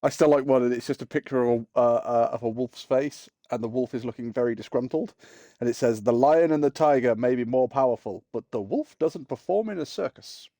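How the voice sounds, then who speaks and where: Streaming a game, this man chats and jokes with his viewers in a medium-pitched, dark voice at a fairly quick clip. The recording has no room sound, and his live-stream talk is casual and addressed straight to the audience.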